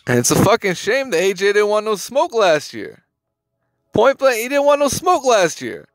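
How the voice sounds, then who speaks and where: A man's voice: high-pitched, sing-song, moderate pace, dry recording. A man hosting a boxing news channel, giving casual, emphatic commentary to camera in slangy talk, often repeating his phrases and swearing.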